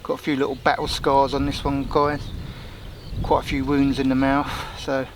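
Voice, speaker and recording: Man, mid-pitch, out of breath, chatty outdoor vlogger, camera mic with clear background noise. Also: completely flat delivery, normal speed. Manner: chatty, keeps addressing viewers as guys. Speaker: fishing vlogger. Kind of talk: casual outdoor vlog talk to camera. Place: lakeside bank outdoors.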